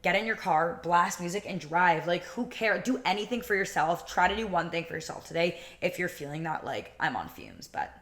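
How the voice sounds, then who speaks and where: Chatty young woman, lowish voice. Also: brisk, few pauses, fairly bright tone. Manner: chatty, upbeat, heavy use of "like". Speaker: podcast co-host and law student. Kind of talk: casual podcast chat.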